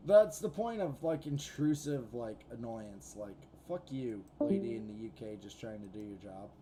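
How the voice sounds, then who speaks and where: A man's voice: medium pitch, animated, normal speed, dark tone, slight background noise. A man co-hosting a podcast, telling a rambling, profane story in casual chat. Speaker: podcast co-host.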